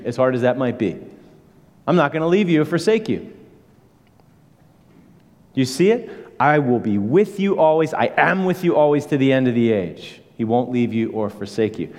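A man preaching a sermon as pastor, earnest, moving from hushed passages to emphatic ones. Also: mid-range voice, lively intonation, moderate pace, long pauses. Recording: echoey hall reverb.

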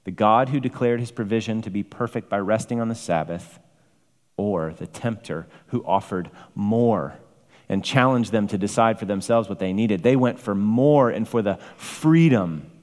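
A man's voice: on the low side, darkish tone. A man preaching a sermon with emphatic, varied delivery, rising to exclamations. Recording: long hall reverb.

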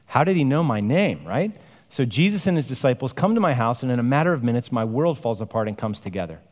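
A man's voice: medium pitch, very animated, fast, darkish tone, big-room sound, voice pushed up. A man in a sermon voicing a repentant former swindler who earnestly confesses and explains himself. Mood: eager. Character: humble repentant man, former tax cheat.

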